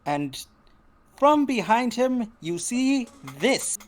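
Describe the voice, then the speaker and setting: Slow, halting tabletop game master. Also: medium pitch, very animated. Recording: faint background noise.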